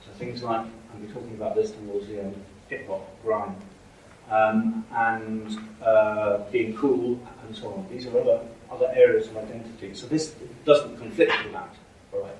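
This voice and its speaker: A man's voice: fairly low pitch, fairly even intonation, moderate pace, a little mellow, a little hiss or hum. A man giving a university lecture, hesitant with frequent fillers and restarts. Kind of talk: academic lecture. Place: lecture hall. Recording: echoey hall from far off.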